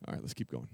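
A male preacher telling a story in an animated, jokey, slangy sermon style.

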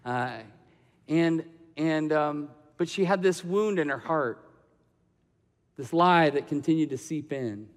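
High-voiced preacher man in a reverberant hall. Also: takes it slowly, pauses often. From Michigan. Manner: personal storytelling that builds to impassioned preaching. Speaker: pastor. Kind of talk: sermon.

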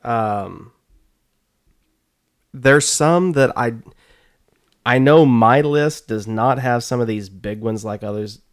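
Slow, hesitant man on a podcast. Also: medium pitch, smooth. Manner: unhurried, hesitant, many fillers. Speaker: podcast co-host. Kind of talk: casual chat.

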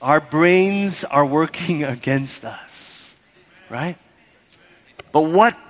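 A man preaching a sermon as pastor, animated and conversational, acting out quoted voices. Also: high-pitched, in a large hall.

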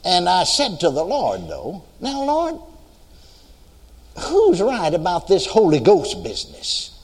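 A man's voice: high-pitched, wildly swooping pitch, measured pace, breathy edge. An older man from the United States preaching a sermon, telling a story and asking the congregation if they are listening. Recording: long hall reverb.

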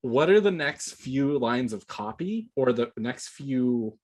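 A man hosting a podcast, summarizing his guest's points in a relaxed way with a few fillers. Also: medium pitch, takes it slowly. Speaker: podcast host. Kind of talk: casual podcast interview.

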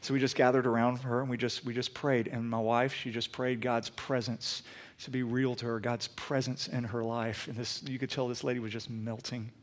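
Pastor preaching in church. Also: male voice, medium pitch, normal speed. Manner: builds to loud pleading emphasis, then relaxed storytelling. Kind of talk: sermon. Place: church sanctuary.

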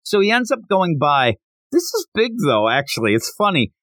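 A man hosting a podcast, chatting casually about a manga chapter and acting out the characters' lines in quick bursts. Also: fairly high pitch, huge pitch swings, a bit bright, no echo. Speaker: podcast host.

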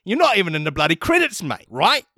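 A man's voice: high voice, huge pitch swings, fast talker, pushed and bright, husky, no room sound, studio quality, pitched above the performer's own voice, full character voice. A man doing a blustering scolding principal. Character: stern blustering male school principal.

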